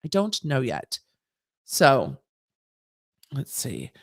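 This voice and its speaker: A woman's voice: very deep voice, huge pitch swings, drawn-out words. A woman hosting a legal commentary livestream, answering viewer questions in a chatty, casual way with slangy, sassy asides. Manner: chatty, conversational, with frequent restarts and asides; breezy and sassy, mixing slang into legal talk.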